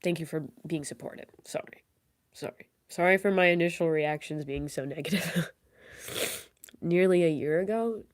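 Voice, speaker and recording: A woman streamer talks to her chat through tears, soft and halting, often dropping to a near whisper. Her voice sits a little low. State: crying. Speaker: livestreamer. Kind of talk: tearful live stream chat.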